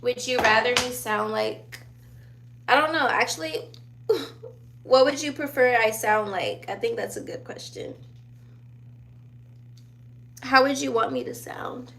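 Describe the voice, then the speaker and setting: Youthful, gravelly-voiced woman chatting slowly. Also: on the high side, a bit bright. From born in Virginia, raised in Sicily and Germany. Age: 20s. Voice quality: youthful-sounding voice. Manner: laid-back, chatty, laughs often. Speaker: vlogger answering viewer questions. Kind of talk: casual chat.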